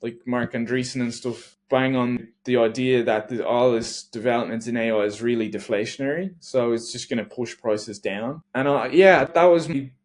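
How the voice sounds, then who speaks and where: A man's voice: medium pitch, normal speed, hardly any pauses. A man talking casually on a podcast, rambling through a thought with lots of restarts. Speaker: podcast co-host.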